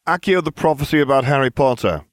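A man voicing a self-assured teenage boy wizard who speaks briskly. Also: mid-range voice, expressive, no echo, voice pushed up, close to an everyday voice. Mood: confident.

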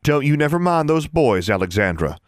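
A man's voice: on the high side, big pitch swings, a little fast, no room sound, clean studio sound, voice pushed up. A man voicing a teenage girl who speaks in an old-fashioned rural dialect and chides others. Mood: chiding. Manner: folksy dialect, scolding.

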